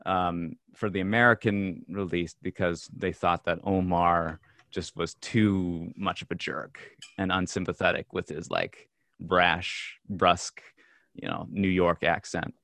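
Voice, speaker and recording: A man co-hosting a casual podcast about movies, talking in a halting way with many fillers and restarts. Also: sits low, fairly even intonation, sharp tone, no echo. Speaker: podcast co-host. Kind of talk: casual film discussion.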